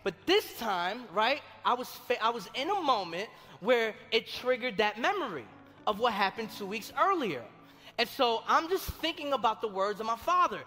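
A young adult man, a pastor preaching a sermon and telling stories from his own life in a conversational, animated way, acting out the voices he quotes. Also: very high-pitched, normal speed. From Colombia. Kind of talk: sermon with personal storytelling. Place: large church hall. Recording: long reverb of a church hall, faint music.

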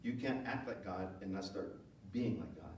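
A male pastor preaching a sermon, moving between loud emphatic lines and low, quiet asides. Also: moderate pace, a little hiss or hum. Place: church sanctuary. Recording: very echoey hall, voice from far off.

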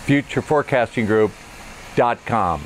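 A male host in a casual comedic talk, chatty and low-key. His voice sits at an average pitch, with faint background noise. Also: lively intonation, unhurried.

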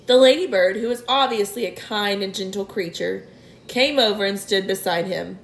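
A woman reading a children's book aloud with expressive storytelling. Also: mid-range voice, normal speed, slight background noise. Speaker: reader.

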